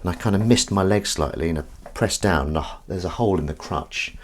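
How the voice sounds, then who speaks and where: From his kitchen at home, a livestream host chats casually, wandering from story to story and calling to his cat in a coaxing tone. His voice sits low and moves briskly, with a little hiss or hum on the audio.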